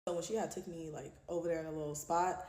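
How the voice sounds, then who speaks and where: Woman, low voice, casual storytime, swearing a lot, lively. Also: fast, reverberant, a little hiss or hum. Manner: profane, animated, slangy.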